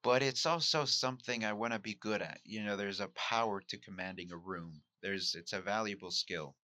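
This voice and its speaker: A man's voice: on the low side, normal speed, bright, forceful tone, dry recording. A man from Mexico who hosts a podcast and does stand-up, talking through his week in a reflective solo monologue, musing and candid. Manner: musing, self-questioning, candid. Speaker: podcast host and amateur stand-up comic.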